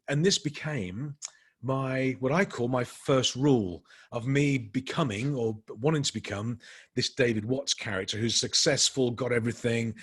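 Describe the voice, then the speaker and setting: Husky man telling a story. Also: medium pitch. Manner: animated anecdotal storytelling, acting out quoted dialogue with rising energy. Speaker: workshop speaker. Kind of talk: storytelling to a workshop group.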